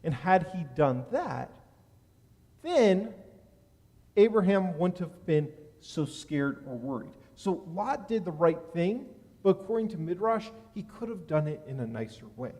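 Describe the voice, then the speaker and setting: A man's voice: high voice, unhurried. Man preaching in a reverberant sanctuary. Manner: animated storytelling, rising loud at key moments. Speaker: rabbi. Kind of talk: sermon with personal anecdote. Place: synagogue sanctuary. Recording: long reverb of a large hall.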